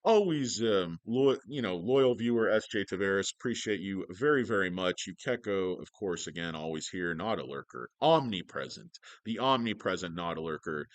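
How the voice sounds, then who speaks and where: A man's voice: low voice, animated, moderate pace, hardly any pauses, no echo. A man hosting a stock-market livestream, joking, swearing and rambling as he greets viewers.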